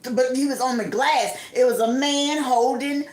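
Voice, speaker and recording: A woman with a fairly high voice tells stories in a casual live-stream chat. She is animated and jumps up in pitch to act out the people she quotes. The room around her is roomy and echoey. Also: normal speed.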